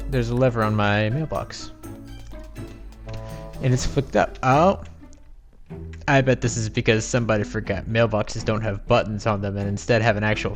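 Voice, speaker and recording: A man hosting a let's-play, talking through his game in a rambling, exasperated, self-mocking way. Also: fairly low pitch. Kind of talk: casual gameplay commentary.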